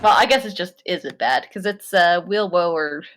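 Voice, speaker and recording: A woman's voice: on the low side, normal speed, fairly bright tone, soft background music, low-quality recording. A woman playing a tabletop game over a video call, hesitant and thinking aloud. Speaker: player.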